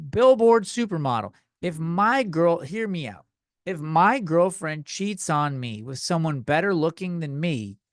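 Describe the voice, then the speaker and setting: A young man tears through a comedic podcast rant, swearing freely and blowing every gripe out of proportion. His voice sits a bit high. The mic is close and dead dry, with no room sound. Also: no room sound. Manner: profane, heated, exaggerated ranting. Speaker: podcast host.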